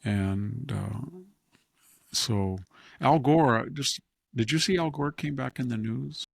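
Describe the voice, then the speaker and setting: Gravelly, sarcastic male podcast host. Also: mid-range voice, takes it slowly, no echo, studio quality. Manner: sarcastic, wry, laughs at his own jabs. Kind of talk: casual political commentary chat.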